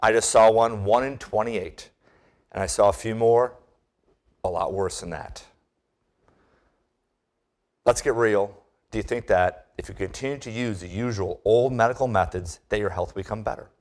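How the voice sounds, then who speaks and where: A middle-aged man speaks with a somewhat low voice, presenting a webinar in a persuasive, urgent style. He keeps firing rhetorical questions straight at the listener. His delivery stays pressing and direct. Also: normal speed, pauses often, darkish tone.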